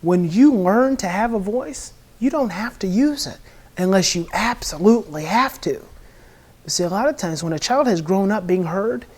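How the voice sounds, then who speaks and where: A woman's voice: mid-range voice, expressive, normal speed, a little mellow. A woman guest in an interview explaining parenting in an earnest, repetitive way. She acts out a child's angry outbursts and a parent's soothing words. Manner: earnest, repeats words and restarts often.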